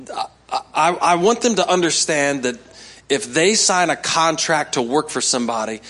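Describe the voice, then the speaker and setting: A man's voice: medium pitch, a bit bright. A male pastor giving a sermon in a conversational way, coaxing the congregation to respond.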